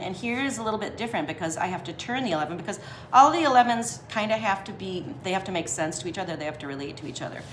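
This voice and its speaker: A woman's voice: medium pitch, expressive, rapid-fire, echoey room, slight background noise. A woman giving a casual drawing lesson as she sketches. She talks in a chatty, slangy way and laughs often. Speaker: drawing teacher.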